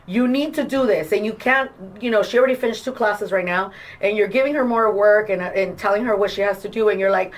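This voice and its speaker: Woman, mid-pitched voice, school staff member, encouraging, acts out quotes, casual interview. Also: fast, hardly any pauses, low-quality recording. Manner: encouraging, lively retelling with quoted dialogue.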